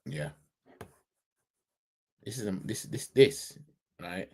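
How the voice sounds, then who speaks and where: A man's voice: deep voice, animated, slow pace, slightly rough. A man from Yorkshire hosting a football fan live stream, sarcastic and repetitive as he reads out viewer comments and argues with them.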